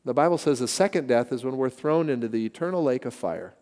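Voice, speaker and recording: A man's voice: medium pitch, fast, a little mellow. A middle-aged man preaching a sermon as a pastor, earnest and conversational, weaving in personal stories. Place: church sanctuary. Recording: church hall with long reverb.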